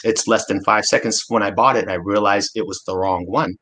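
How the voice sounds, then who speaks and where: A man in his forties from Alaska with a lowish voice, speaking as a guest in a relaxed discussion. He talks earnestly and with emphasis, often starting a sentence over before pushing on. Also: a little fast. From Alaska, USA. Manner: earnest, emphatic, with many restarts. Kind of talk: casual panel discussion.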